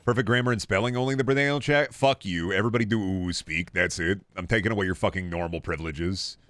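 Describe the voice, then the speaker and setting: A man's voice: sits low, fast, fairly bright tone. A man streaming and chatting casually with his viewers, joking, rambling and swearing freely. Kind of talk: casual livestream chat.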